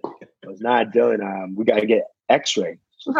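Young male athlete guest, gravelly and husky, dry close sound, chatty storyteller full of fillers. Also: lowish voice, steady tone, moderate pace, a little mellow, no room sound, lo-fi sound. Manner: fills with "you know", acts out quotes. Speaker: guest, basketball player. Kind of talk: casual interview storytelling.

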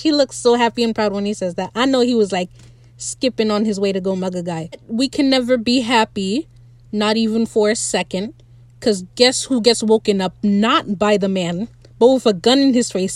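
A woman hosting a podcast, recapping a TV episode in a casual, excitable rant, swearing freely and talking straight to her listeners. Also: mid-range voice, normal speed, no echo.

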